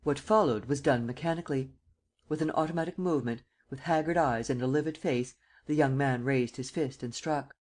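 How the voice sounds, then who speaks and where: Woman reading an old crime novel aloud, low voice, steady and even. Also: fairly quick. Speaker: audiobook narrator. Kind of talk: scripted narration.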